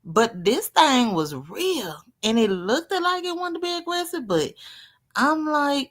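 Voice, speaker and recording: A woman in casual live-stream chat, rambling through a story with big swings in pitch and loudness. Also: sing-song, unhurried.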